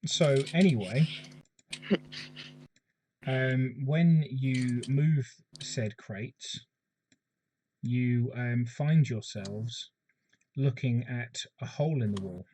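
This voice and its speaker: A man running a tabletop game as game master, halting with many pauses and restarts. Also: mid-range voice, warm tone, slight background noise, rough recording.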